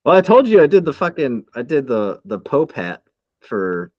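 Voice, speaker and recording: A man's voice: mid-range voice, very animated, normal speed, darkish tone, dry recording, highs cut off. A man in his thirties co-hosting a casual podcast chat, heated and swearing a lot. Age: 30s. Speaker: podcast co-host.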